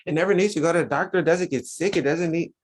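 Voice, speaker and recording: A man's voice: on the high side, fast talker, slight background noise. A man teaching a religious Sunday school lesson, preaching with lots of rhetorical questions to his listeners.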